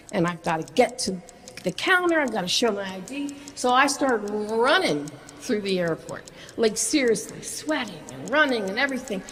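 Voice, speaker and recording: Animated female storyteller, a touch high-pitched, long reverb. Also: slight background noise. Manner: excitable, animated, stumbling restarts. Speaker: singer-songwriter telling her story. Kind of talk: personal storytelling.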